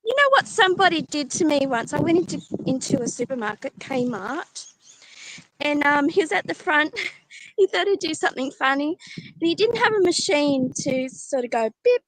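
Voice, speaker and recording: A woman tells a story in a casual livestream chat, breaking into giggles. Her voice is high and swoops about lively. Faint noise sits under the recording. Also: normal speed, rough recording.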